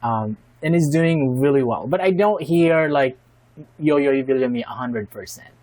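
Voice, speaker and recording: A man talks through his reaction in a casual, unscripted way, weighing his words with frequent ums and restarts. His voice sits at an ordinary pitch, and his admiration comes through plainly. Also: lively intonation, a little slow, darkish tone, dry recording, poor audio. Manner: thoughtful and admiring, with many fillers and restarts. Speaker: reaction video host. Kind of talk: casual spoken commentary.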